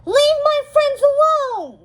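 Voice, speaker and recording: A woman's voice: high-pitched, animated, a little slow, dark tone. A woman reading a storybook aloud, voicing a defiant, tearful teenage girl who speaks earnestly and rises to cries. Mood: urgent. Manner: earnest, pleading, rising to cries.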